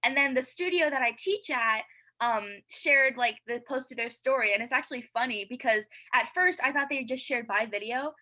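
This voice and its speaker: A woman chatting as an interview guest, her tone bright and forward, her pitch sitting a little high. She talks eagerly and earnestly, with plenty of fillers. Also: normal speed, rough recording. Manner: earnest and heartfelt. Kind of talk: casual interview chat.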